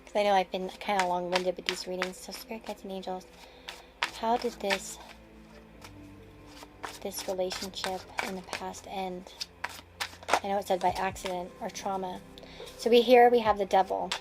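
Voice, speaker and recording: A woman's voice: medium pitch, level tone, moderate pace, long pauses, music in the background, poor audio. A woman giving a casual tarot reading, rambling and restarting her sentences with frequent chuckles. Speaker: tarot card reader.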